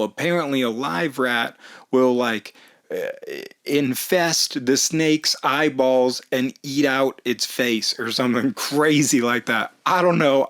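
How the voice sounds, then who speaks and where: A man telling a comedic personal story in an animated, self-mocking way, laughing often. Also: mid-range voice. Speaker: storyteller vlogger.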